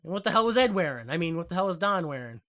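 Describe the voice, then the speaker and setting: A man with a high, bright, forward voice leads a loose recap chat with friends. He reads from his notes and keeps breaking into laughter. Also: very animated, quick pace. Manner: laughs while reading the recap. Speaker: podcast host.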